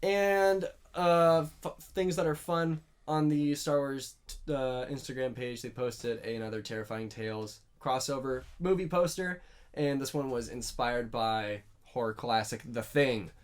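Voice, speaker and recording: A man's voice: mid-range voice, smooth. A young man co-hosting a podcast in casual chat, upbeat and chatty. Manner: upbeat, chatty, quick to laugh along. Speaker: podcast co-host.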